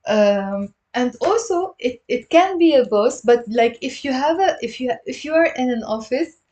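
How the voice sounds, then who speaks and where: A woman with a Lebanese accent teaching a live online Arabic lesson, patiently repeating words slowly and greeting viewers by name. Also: high-pitched, expressive, a little mellow. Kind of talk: live-stream language lesson.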